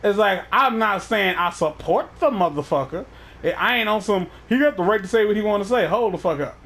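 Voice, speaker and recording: A man's voice: sits high, lively intonation, fairly quick, gravelly, a bit bright. A man hosting a casual chat, talking in a profane, rambling way with many restarts. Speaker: podcast host.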